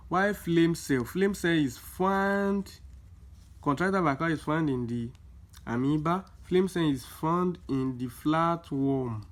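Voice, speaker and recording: A young man, tutoring students through exam questions in a casual lesson, repeating key points with emphasis. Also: a little high. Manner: explains slowly with many repeats, emphatic.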